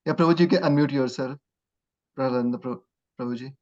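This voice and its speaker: A man hosting an online class, speaking quickly and courteously. His voice sits at a middle pitch. The call audio is dull and lo-fi. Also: darkish tone. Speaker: class host. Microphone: online video call.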